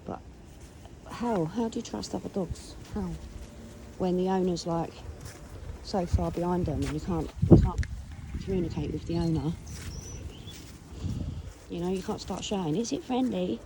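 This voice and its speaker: A dog owner vlogger with an English accent chats casually on a rural walk, rambling through a story and talking to the dog in between. The mid-range voice is a little slow, with frequent pauses. Wind and traffic make the outdoor recording noisy.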